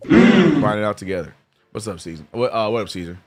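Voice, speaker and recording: A man hosting a casual live watch-along stream, reading viewer chat aloud and reacting with sudden high exclamations. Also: expressive, moderate pace, soft background music. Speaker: streamer host.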